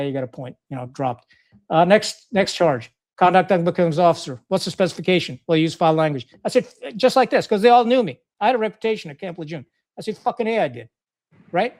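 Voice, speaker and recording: A middle-aged man, a retired military officer, telling a long story in a podcast interview in a blunt, profane, animated way. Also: high voice.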